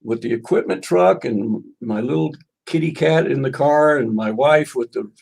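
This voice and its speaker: A man's voice: medium pitch, moderate pace, vocal fry, a little mellow, husky. An older man, a musician guest, telling rambling stories in an interview and reading passages from his own book. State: coughing. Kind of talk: storytelling interview.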